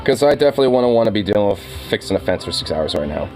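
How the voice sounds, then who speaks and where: A man's voice: fairly low pitch, sing-song, racing, a little mellow, soft background music. A young man chatting casually with his viewers, rambling, laughing often and swearing freely. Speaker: streamer.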